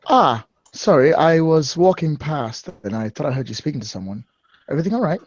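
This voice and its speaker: A man doing a gentle ship's scholar. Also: fairly high pitch, animated, brisk, dull audio, a little hiss or hum, natural voice. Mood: friendly. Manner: gentle, friendly.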